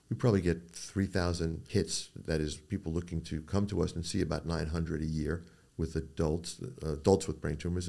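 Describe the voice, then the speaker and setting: A man's voice: sits low, gravelly. An older man, a doctor being interviewed on a podcast, telling stories and acting out the people in them. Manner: storytelling, quotes people in animated voices. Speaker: neuro-oncologist guest.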